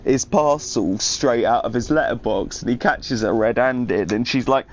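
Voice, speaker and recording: A man's voice: mid-range voice, animated, moderate pace, few pauses. A man in casual, rambling, profane chat, telling funny stories. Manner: rambling, profane, laughing storyteller. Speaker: streamer.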